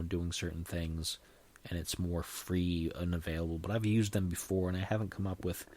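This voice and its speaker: This deep, darkish-toned male voice belongs to a podcast host talking solo in a relaxed, wandering way, frequently starting over mid-thought.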